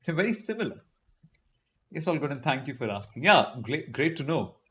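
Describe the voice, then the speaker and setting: His voice is fairly high and sing-song, a bit bright, moving at a moderate pace. As a YouTube live-stream host in a casual Q&A, he reads out what viewers comment and answers with chatty, self-deprecating jokes.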